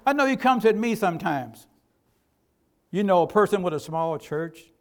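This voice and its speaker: High-voiced, emphatic older preacher man. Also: expressive, normal speed. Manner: folksy, emphatic preaching with colloquial speech. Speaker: pastor. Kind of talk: sermon.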